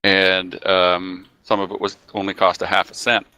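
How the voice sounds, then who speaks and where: An older man telling a casual story on a podcast in a halting way, with many uhs. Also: sits low, completely flat delivery, pushed and bright, clean tone.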